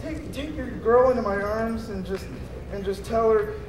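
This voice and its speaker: A man playing a cocky, smooth-talking Romeo in a loud, joking improv skit. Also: high voice, moderate pace, background noise, close to an everyday voice. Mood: hammy. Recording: echoey convention hall with crowd.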